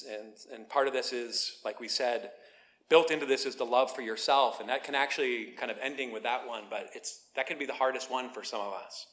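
A man preaching a sermon, telling a lively story with playful asides and then teaching in a quieter, earnest way. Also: mid-range voice. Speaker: pastor.

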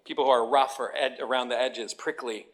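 A man's voice: medium pitch, fairly even intonation, a little fast, a bit bright. A man, a pastor giving a sermon, reading scripture and telling jokes in a conversational way. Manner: conversational, joking asides.

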